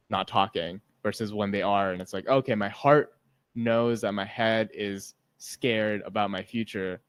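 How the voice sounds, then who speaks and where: A man with a somewhat low voice talks openly about his feelings in a loose, rambling podcast chat. His speech is full of "like" and casual swearing. The sound is dry and close. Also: smooth, no room sound. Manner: emotional, open, rambling with many "like" fillers, swears casually. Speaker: podcast co-host.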